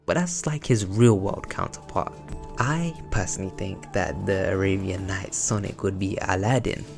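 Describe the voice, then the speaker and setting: A man's voice: deep voice, normal speed, gravelly. A young man giving casual, reflective analytical commentary on a video game series. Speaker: video essayist. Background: background music.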